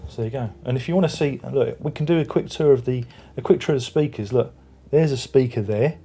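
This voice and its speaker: Here a music review vlogger talks fast in a warm, medium-pitched voice, with slight background noise in the recording. He's at home in a room with a record player and speakers, loosely chatting about an album. The talk wanders, full of restarts.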